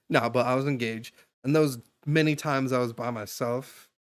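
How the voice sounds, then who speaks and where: Here a young streamer keeps a steady tone and normal pace in a mid-range voice. Live on stream, he talks loosely and at length while casually advising a stranger, with frequent fillers and restarts.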